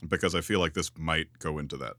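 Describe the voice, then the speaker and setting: A man's voice: extremely low pitch, quick pace, bright, forceful tone, no echo. A man co-hosting a podcast in casual chat, blunt and joking, cutting in with crude questions. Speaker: podcast co-host.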